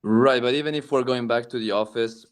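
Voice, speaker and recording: A man's voice: medium pitch, a little fast, clear, resonant tone. A man in a casual voice chat, asking hesitant questions about trades, with lots of ums and self-deprecating asides.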